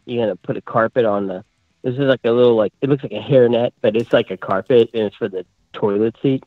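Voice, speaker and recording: A man's voice: medium pitch, quick pace, dry recording. Rambling male guest, dry lo-fi sound. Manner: confused, joking, rambling. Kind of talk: casual chat on a live stream.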